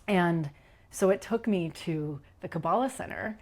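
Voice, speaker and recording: A middle-aged woman, appearing as a podcast guest, tells a personal story animatedly, acting out quotes and dropping into whispers. Her voice is fairly low and her pace measured.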